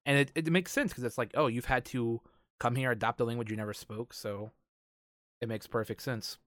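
A man hosts a casual conversation in an easygoing, curious way, often thinking aloud mid-sentence. His pitch is ordinary for a man. The sound is close and dry. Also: steady tone, fairly quick, a bit bright, no room sound. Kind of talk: casual chat.

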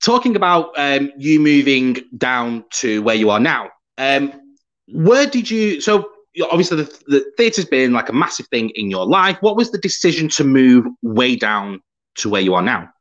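A man's voice: mid-range voice, sing-song, normal speed, a bit bright, muffled recording. A man hosting an interview podcast, playful and teasing with his guest. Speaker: podcast host. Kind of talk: casual interview chat.

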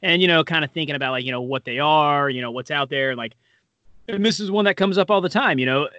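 A man's voice: a little high, quick pace, bright, forceful tone, no echo, dull audio. A man co-hosting a podcast in casual, rambling chat, full of fillers and self-deprecating asides. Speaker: podcast co-host.

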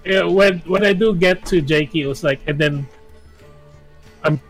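A man playing a tabletop game, talking casually in halting bursts and laughing often. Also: on the high side, soft background music. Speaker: player.

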